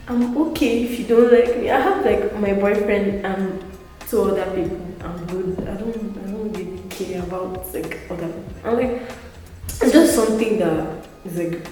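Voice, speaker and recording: A chatty eighteen-year-old woman recounts her experiences as an interview guest, peppering her speech with "like" and "right". Her voice sits at an average pitch and is picked up from some distance, in a room with strong echo and a long reverb tail. Faint music plays beneath her. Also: normal speed, mellow. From Africa. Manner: chatty, filler-heavy, frequent "like" and "right", laughing asides. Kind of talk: casual storytelling.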